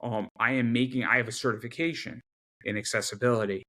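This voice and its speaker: A man as an interview guest in casual chat, talking emphatically with many quick repeated restarts. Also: medium pitch, steady tone, sharp tone. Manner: rapid repetitive restarts, emphatic.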